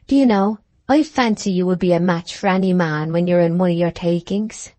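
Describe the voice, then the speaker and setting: A woman's voice: fairly low pitch, fairly quick, darkish tone, no echo, close to an everyday voice. A woman voicing a small, tearful young maid in an audiobook, speaking emphatically in old rustic phrasing. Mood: earnest. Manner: emphatic, dramatic rustic speech.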